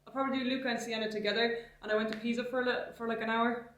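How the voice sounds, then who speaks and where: A woman's voice: fairly high pitch, little pitch movement, rapid-fire, fairly bright tone. A young woman, a travel vlogger chatting casually to camera in a rented apartment, rambling and wry.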